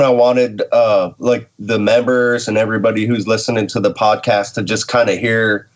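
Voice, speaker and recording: Low-voiced male podcast host. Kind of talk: podcast intro and casual chat.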